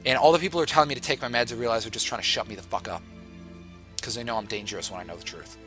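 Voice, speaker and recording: Bright-voiced young man, rambling and profane. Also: mid-range voice, rapid-fire, faint music behind. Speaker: livestreamer. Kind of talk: rambling livestream storytelling.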